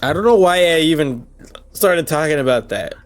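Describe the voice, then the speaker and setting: A drunk man hosting a casual stream sign-off, rambling, swearing and breaking into high laughter, hiccuping now and then. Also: lively intonation, moderate pace. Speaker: streamer and host.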